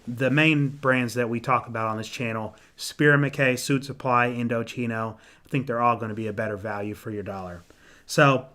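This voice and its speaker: A young man casually answering viewer comments on a live stream, rambling with ums and restarts, clearing his throat and losing his voice. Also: medium pitch, pushed and bright. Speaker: menswear YouTuber hosting a live Q&A.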